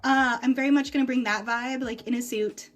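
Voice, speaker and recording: A woman's voice: a little high, fairly even intonation, a little fast, soft background music. Giggly candid woman chatting. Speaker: co-host. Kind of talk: casual chat. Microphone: home setup on a live stream.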